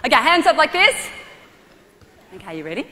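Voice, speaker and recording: A woman from Australia giving a lively motivational talk to a young audience, leading a martial arts demonstration and calling out instructions. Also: sits high, moderate pace. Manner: energetic, playful instructor, shouts commands. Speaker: guest speaker, martial arts athlete. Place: large hall with audience. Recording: reverberant hall.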